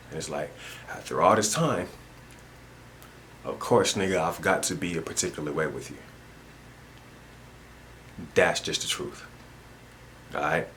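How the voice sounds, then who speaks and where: Man, low voice, rambling casual monologue, repetitive street slang, recorded at home, faint background noise. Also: bright, forceful tone. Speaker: vlogger. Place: at home indoors.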